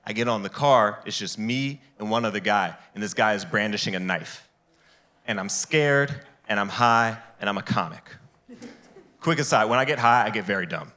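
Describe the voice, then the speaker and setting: A man performing a stand-up comedy set on a live stage, jumping into high, loud voices to act out other people. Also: normal speed.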